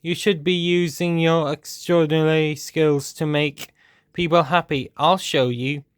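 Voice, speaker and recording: Little cheerful storybook hero, voiced by a male narrator, raised pitch, smooth and crisp. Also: fairly even intonation, measured pace, dry recording, studio quality, close to an everyday voice. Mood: instructive. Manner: timid at first, then eager and instructive. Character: small cheerful man with very long arms.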